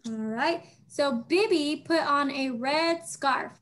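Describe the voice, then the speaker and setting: A woman teaching young children over a video call, patient and encouraging, speaking slowly and clearly. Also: high-pitched, a bit bright.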